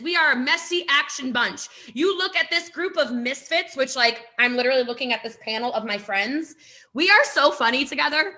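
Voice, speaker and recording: A woman network marketing coach gives an emphatic motivational talk on a live stream, repeating lines for punch and posing rhetorical questions. Her voice sits high, pushed and bright.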